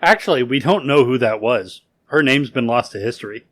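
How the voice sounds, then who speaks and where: A man's voice: medium pitch, animated, a little fast, a bit bright. A man co-hosting a casual podcast, telling a history story in a rambling way with lots of filler words and swearing. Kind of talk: casual drinking-game podcast chat.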